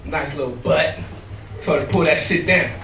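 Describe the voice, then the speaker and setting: A man's voice: fairly high pitch, moderate pace, fairly bright tone, reverberant, distant mic, faint music behind. A man doing a crude, rambling stand-up comedy set in a small, nearly empty club, laughing at his own jokes.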